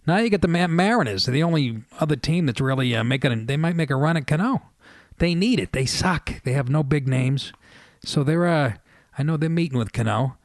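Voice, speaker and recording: A man's voice: medium pitch, vocal fry, no echo. Middle-aged guy radio host rambling, swears a lot, makes fun of himself, dead dry sound. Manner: profane, self-mocking storytelling. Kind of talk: casual comedic monologue.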